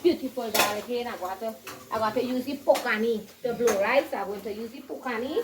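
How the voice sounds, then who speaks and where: A woman's voice: fairly high pitch, fairly quick. A woman demonstrates her home cooking in a casual, chatty way, tagging "right?" onto her sentences and calling herself by name. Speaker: home cook vlogger. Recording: distant mic, loud frying noise. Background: sizzling frying food.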